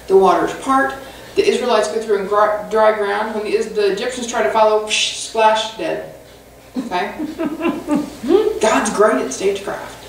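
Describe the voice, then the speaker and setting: A woman pastor gives a lively, joking, conversational sermon in a slightly high voice. She is heard from a distance in a church sanctuary with a heavy echo and a faint hum behind her. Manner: animated, humorous, conversational storytelling. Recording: echoey hall from far off.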